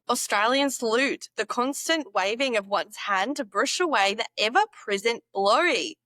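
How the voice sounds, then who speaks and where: Goofy woman drilling slang, high voice. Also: animated, normal speed, hardly any pauses, sharp tone, no echo. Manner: goofy, repeats words over and over, giggly. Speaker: vlogger. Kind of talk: playful casual vlog, practising slang.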